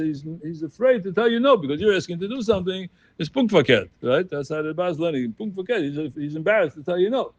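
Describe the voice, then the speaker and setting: A man leading a Talmud study group, explaining the text in an animated voice and chanting quoted passages in a sing-song. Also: on the high side, creaky, slightly rough, no room sound, lo-fi sound. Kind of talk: Talmud class teaching.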